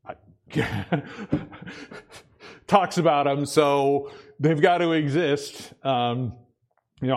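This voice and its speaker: Man, pastor, conversational sermon, asks "amen?", acts out asides, mid-pitched voice. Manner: conversational preaching with frequent "amen?" and acted asides.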